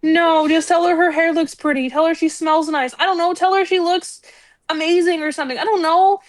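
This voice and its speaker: High-voiced woman ranting in casual chat. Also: brisk, dry recording. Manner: animated, exasperated ranting with swearing. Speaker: podcast co-host.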